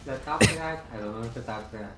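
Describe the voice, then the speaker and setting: A man's voice: mid-range voice, quick pace, a bit bright. A man joining a friend's stream, chiming in with short casual remarks. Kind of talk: casual chat.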